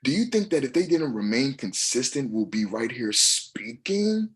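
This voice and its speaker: A young adult man giving a motivational monologue, passionate and swinging from shouts to soft asides. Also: mid-range voice, big pitch swings, normal speed. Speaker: motivational speaker.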